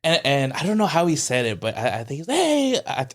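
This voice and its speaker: A man's voice: medium pitch, animated, fast. A man co-hosting a casual podcast chat, rambling with many ums and restarts and jumping into a raised voice when he quotes people. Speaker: podcast co-host.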